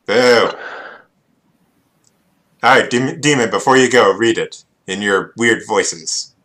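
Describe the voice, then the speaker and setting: A man's voice: fairly low pitch, takes it slowly, pushed and bright. A man hosting a live stream, laid-back and teasing with his guests. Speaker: podcast host.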